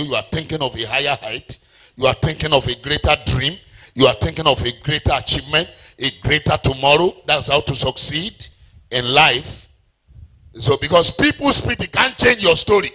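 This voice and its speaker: A man's voice: on the high side, moderate pace, bright, forceful tone. A middle-aged Nigerian man preaching a sermon as pastor, calling out to the congregation and singing out phrases. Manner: call-and-response preaching, sings phrases.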